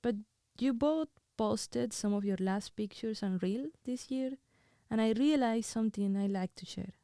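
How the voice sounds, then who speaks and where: A woman hosting her own show, crying as she reads her own writing in an emotional, halting, intimate way. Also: fairly high pitch, dark tone, smooth, no echo, clean studio sound. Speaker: host.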